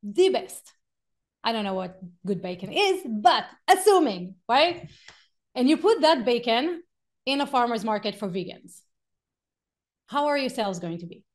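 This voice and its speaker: A middle-aged woman teaching a live workshop, animated, acting out quotes and stories and laughing often. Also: a little high, measured pace, long pauses. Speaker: workshop speaker.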